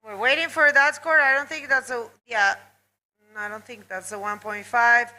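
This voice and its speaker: Chatty high-voiced woman commentator. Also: steady tone, moderate pace, low-quality recording. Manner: chatty, greets viewers. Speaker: bodyboarding commentator. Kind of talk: live sports commentary. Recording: loud crowd behind.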